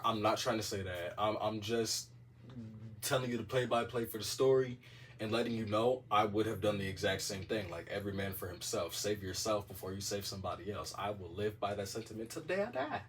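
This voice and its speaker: A man telling a story in a casual monologue, animated and profane, with a dramatic delivery. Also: medium pitch, normal speed, recorded from a distance.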